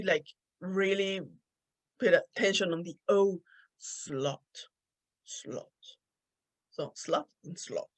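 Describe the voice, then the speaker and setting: A woman's voice: mid-range voice, fairly bright tone, low-quality recording. A woman with a Spanish accent, a native Spanish speaker, hosting a solo podcast and chatting casually with frequent laughter. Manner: chatty, laughs often while telling stories. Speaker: podcast host.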